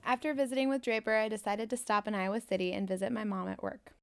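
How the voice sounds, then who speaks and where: A woman's voice: medium pitch, fairly even intonation, fast talker, clean tone, dry recording, studio quality. A woman narrating her documentary in a plain, matter-of-fact way.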